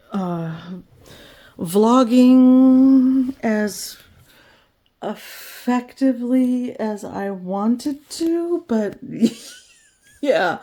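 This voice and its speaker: A woman chatting casually in a home vlog, relaxed and talkative, sometimes cooing to her dog. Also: on the high side. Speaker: vlogger. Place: home, indoors.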